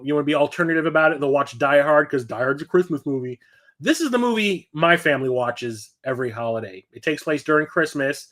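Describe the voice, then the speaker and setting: A man's voice: on the high side, fairly bright tone. A middle-aged man chatting casually about his new movie purchases, rambling and enthusiastic. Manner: enthusiastic and rambling, quoting movie lines with laughs. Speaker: host of a physical media collection show.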